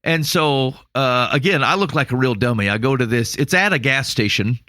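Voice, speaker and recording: A man's voice: medium pitch, animated, moderate pace, bright, forceful tone, no echo. Dry-voiced man, rambling and self-mocking. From Iowa. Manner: rambling, self-mocking, laughs through his story. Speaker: podcast co-host. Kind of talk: casual storytelling.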